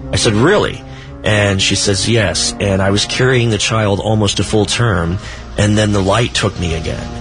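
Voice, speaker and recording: A low-pitched man speaks as a guest on a radio show, telling his paranormal stories at an unhurried pace. Now and then he drops a small laugh. Music plays clearly under his voice. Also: steady tone. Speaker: paranormal author and researcher, guest. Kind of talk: casual radio interview.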